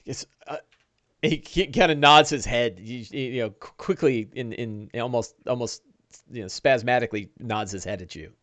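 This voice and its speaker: A man narrating a one-on-one tabletop game as dungeon master, animated, with quick bursts and restarts. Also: medium pitch, no echo.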